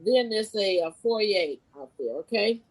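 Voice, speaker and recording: An expressive woman guest recounting a spiritual experience in a loose, informal way. Her pitch jumps sharply at dramatic points, and her phrasing is casual and full of restarts. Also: a little slow, poor audio. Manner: animated, expressive retelling with sudden pitch leaps. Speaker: podcast guest, spiritual life coach. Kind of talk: personal storytelling in a conversation.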